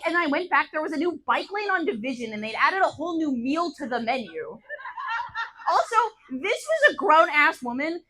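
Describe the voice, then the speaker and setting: A young woman in her teens performing a stand-up set on a bar stage, telling deadpan stories that jump to loud punchlines. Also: high-pitched, rough recording. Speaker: stand-up comedian.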